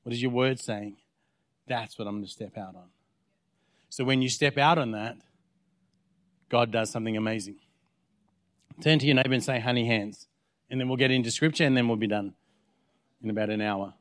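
A man's voice: medium pitch, fairly quick, pauses often, a bit bright, no room sound, clean studio sound. A man preaching a sermon as pastor, telling a personal story and acting out the dialogue. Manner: storytelling, acts out quoted dialogue. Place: church.

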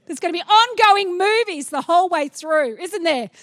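A middle-aged woman preaching a sermon, animated and playful, acting out little scenes as she goes. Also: very high voice, normal speed, dry recording, studio quality.

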